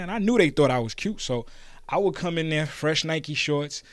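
A podcast host in his thirties from New York City, with a Brooklyn accent, speaks a little high and fairly quickly on a clean, echo-free studio recording. His casual storytelling monologue rambles, laced with profanity and street slang.

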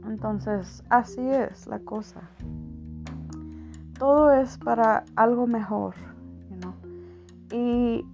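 A woman's voice: a little high, darkish tone. A woman in a casual, rambling monologue, talking earnestly with many restarts and filler phrases. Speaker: speaker sharing life advice. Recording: dull lo-fi audio with faint guitar music.

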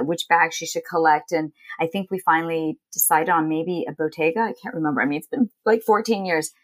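Lively storytelling woman, lowish voice. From Los Angeles. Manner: animated, quotes others in lively voices. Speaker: guest, entrepreneur. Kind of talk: casual storytelling interview.

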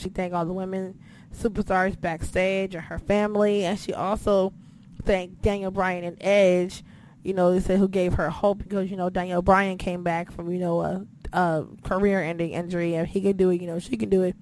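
A woman's voice: on the low side, flat delivery, moderate pace, a little mellow, slight background noise. A woman hosting a casual chat, talking loosely, swearing often and leaning on "you know". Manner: chatty, swears a lot, fills with "you know". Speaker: podcast host.

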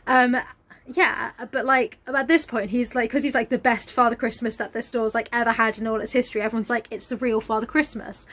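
A woman's voice: a little high, fairly even intonation, a little fast, a bit bright. A woman co-hosting a casual book chat, talking with many fillers and restarts and sometimes reading passages aloud.

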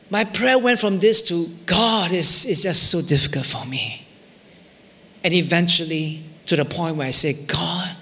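A middle-aged man preaching in a church hall, his voice high and bright. He swings between loud, fervent peaks and hushed whispers, and a long reverb trails behind every phrase. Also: animated, a little slow. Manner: emotional storytelling, rising to near shouts in retold prayers, dropping to whispers. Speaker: pastor. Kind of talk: sermon.

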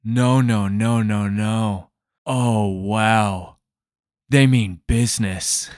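A man imitating a blunt, chatty middle-aged woman at the movies, giving her a deep voice. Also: fairly even intonation, drawn-out words, a little mellow, no echo, clean studio sound. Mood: shocked. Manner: blunt running commentary.

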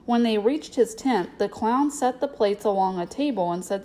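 A woman narrating a storybook in a steady, clear way. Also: mid-range voice, normal speed, poor audio. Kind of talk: storybook reading.

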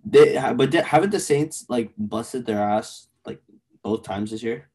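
A young man co-hosting a casual sports podcast, animated and blunt, swearing casually as he argues picks. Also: medium pitch, measured pace, husky. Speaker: podcast co-host.

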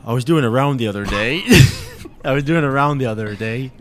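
A man's voice: medium pitch, animated, moderate pace, natural voice. A man improvising as an awkward, lonely postman who rambles and hesitates. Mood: bumbling. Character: awkward lonely male postman, middle-aged. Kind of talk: improvised comedy sketch.

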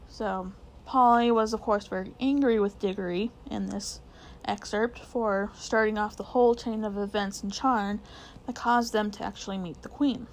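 Teacher lady going over a book, chatty, lots of ums and restarts, mid pitch. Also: steady tone, moderate pace, hardly any pauses, slight background noise. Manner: conversational, many fillers and restarts. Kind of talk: literature lesson explaining a novel.

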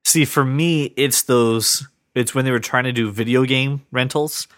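A man's voice: medium pitch, unhurried, no room sound. Podcast host guy, rambly, stumbles over his words, dry close mic. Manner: rambling, repeats words when excited. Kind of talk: casual podcast chat.

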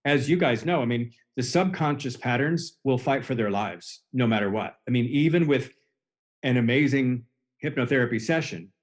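A man in his forties speaks at an ordinary middle pitch, earnest and explanatory. He talks like a coach walking listeners through his process, building on images as he goes, in a relaxed podcast conversation. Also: normal speed. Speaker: hypnotherapist and coach.

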